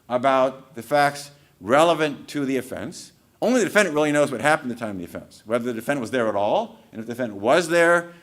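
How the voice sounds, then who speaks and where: Man, law panel lecture, emphatic, explanatory, stresses key words. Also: medium pitch.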